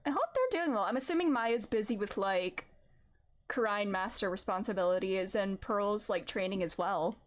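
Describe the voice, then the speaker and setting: A woman streamer chatting excitedly while playing a game and reading its lines aloud. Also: mid-range voice, moderate pace. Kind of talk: casual let's-play commentary. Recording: game music loud behind voice. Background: game music.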